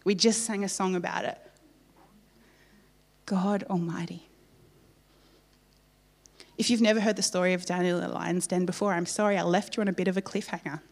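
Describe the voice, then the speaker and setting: A woman preaching a sermon in church, telling the story in a lively way with playful asides to the congregation. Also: mid-range voice.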